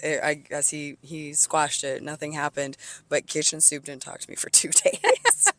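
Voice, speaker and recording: A woman's voice: deep voice, moderate pace. A woman co-hosting a casual podcast, telling a work story with lots of swearing and acting out what coworkers said. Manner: animated storytelling, swears a lot, acts out coworkers' lines. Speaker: podcast co-host, restaurant server.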